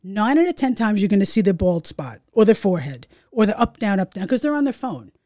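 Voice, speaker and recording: A middle-aged woman, co-hosting a podcast and telling a story in casual chat, animated, swearing and acting out voices. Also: medium pitch, fairly quick, no room sound, studio quality. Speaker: podcast co-host.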